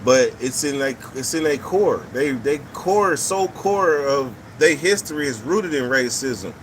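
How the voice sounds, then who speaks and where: A man's voice: medium pitch, animated, unhurried, slight background noise, low-quality recording. A man hosting a casual live talk stream, reading viewer comments and giving blunt, profane opinions, often repeating his points.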